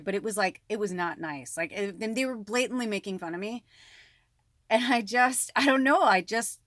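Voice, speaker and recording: Animated swearing woman, dry close sound. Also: lowish voice, normal speed, no echo. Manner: animated, swears freely, lots of fillers. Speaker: spiritual medium. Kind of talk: casual storytelling to viewers.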